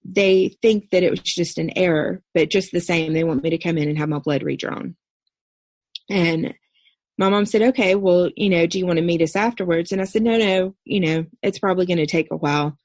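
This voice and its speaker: A woman's voice: on the low side, fairly quick, no echo. Woman in her thirties, dry close recording. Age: 30s. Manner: earnest, steady recounting with brief quoted dialogue. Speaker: podcast guest. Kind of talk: personal storytelling.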